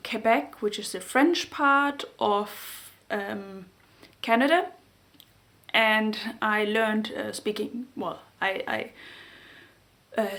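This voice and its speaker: German-accented woman chatting to camera about knitting, halting, lots of pauses hunting for words, plain mid voice. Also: mid-range voice, a bit bright. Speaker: knitting podcast host. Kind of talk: casual chat to camera.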